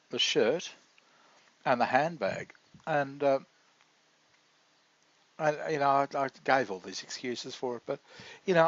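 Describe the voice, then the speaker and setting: Guy rambling on his video diary, halting and confessional, kinda dull lo-fi sound, dead dry. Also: mid-range voice, dry recording. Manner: halting, confessional, many restarts. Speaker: vlogger.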